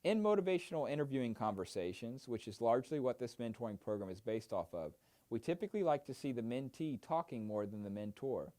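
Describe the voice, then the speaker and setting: A man explaining mentoring techniques in a training lesson, with a lively, animated intonation that rises and falls through each point. He speaks in a clear instructional manner and often pauses on an "uh.". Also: mid-range voice. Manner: explanatory, with frequent "uh" fillers. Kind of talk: instructional narration.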